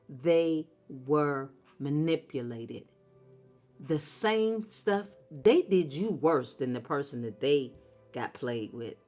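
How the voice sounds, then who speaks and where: Speaking in a low voice with a darkish tone, a woman delivers a tarot reading that is blunt and profane. She talks straight to her viewers and hits her words with heavy emphasis.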